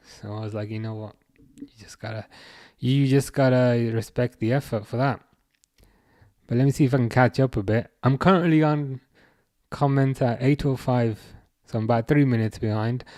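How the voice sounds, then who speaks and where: A man hosts a relaxed football chat stream, working through viewer comments one by one. His voice sits at an ordinary middle pitch, and he hesitates a lot, with frequent "um"s and false starts. The sound is dry and close, with no room echo. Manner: hesitant, lots of fillers and restarts. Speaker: livestream host.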